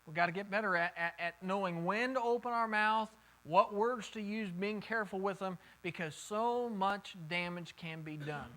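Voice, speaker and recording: A man teaching a Bible study in a sermon style. His voice is bright and ringing. He talks casually, repeating words as he gathers his thoughts, and invites questions from the group. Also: sits high, normal speed, few pauses, low-quality recording. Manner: conversational, repeats words while thinking.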